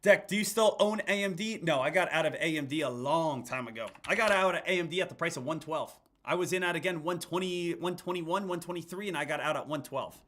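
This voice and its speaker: Energetic man hosting a trading stream. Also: a little high, a little fast, few pauses. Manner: energetic, addresses viewers as traders. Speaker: host, stock trader. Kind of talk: live-stream market talk.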